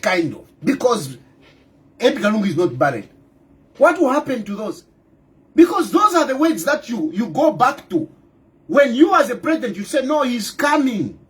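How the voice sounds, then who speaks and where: A middle-aged man with a Zambian accent delivering an impassioned political monologue, repeating his points and firing off rhetorical questions with loud outbursts. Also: extremely high pitch. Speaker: opposition party leader.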